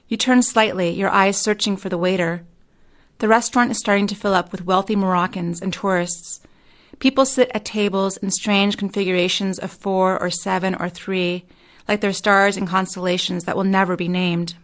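A woman novelist giving a measured reading of her own second-person fiction. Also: medium pitch, steady tone. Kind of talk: literary reading.

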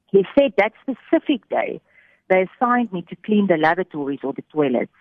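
A woman telling a faith story on the radio, animated, giving voice to the people in it. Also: mid-range voice, moderate pace, dry recording. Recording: thin phone-like radio sound.

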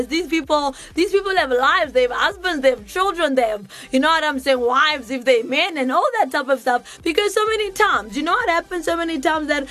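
High-voiced, animated woman radio host. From South Africa. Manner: animated, asks and answers her own questions. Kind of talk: energetic Christian radio talk.

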